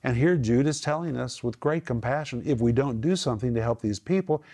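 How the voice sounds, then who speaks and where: In a darkish, mid-range voice, a man gives Bible teaching, unpacking Greek words and drawing out key phrases with emphatic stress.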